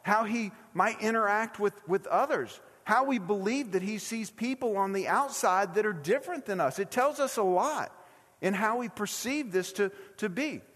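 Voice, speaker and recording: Male pastor, middle-aged, preaching a sermon, high voice, conversational, long reverb of a church hall. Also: lively intonation, moderate pace, a bit bright. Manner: conversational, asks the congregation many questions. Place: church sanctuary.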